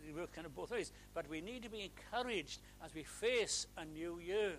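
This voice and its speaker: A man's voice: high-pitched, lively intonation, moderate pace, a bit bright, slight background noise, low-quality recording. A man preaching a sermon, earnest and plain-spoken, rising to fervent repeated emphasis.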